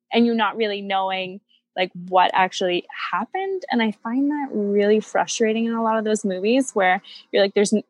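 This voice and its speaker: A woman's voice: medium pitch, no room sound. A woman guest, a nutrition coach, chatting casually and rambling with many fillers. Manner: rambling, hesitant, lots of "like". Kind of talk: casual interview chat.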